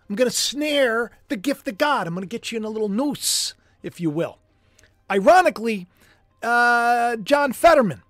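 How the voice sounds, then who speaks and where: Excitable man hosting a livestream. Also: high-pitched, moderate pace, no room sound, studio quality, faint music behind. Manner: excitable, animated; chatty, jokey asides. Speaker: host. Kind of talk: livestream commentary.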